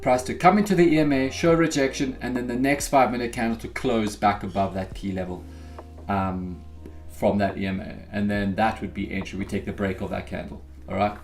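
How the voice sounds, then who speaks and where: A man's voice: on the low side, brisk, gravelly, faint music behind. A man hosting a live futures day-trading stream, chatting casually to viewers as he talks through his trades. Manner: relaxed, chatty, addresses viewers as guys.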